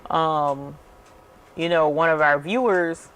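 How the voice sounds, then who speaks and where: A woman's voice: deep voice, slow, fairly bright tone, clear, resonant tone. A woman hosting a crafting channel, telling a story in a chatty, casual way and calling her viewers y'all. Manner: chatty, addresses viewers as y'all, many fillers. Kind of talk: casual storytelling while working.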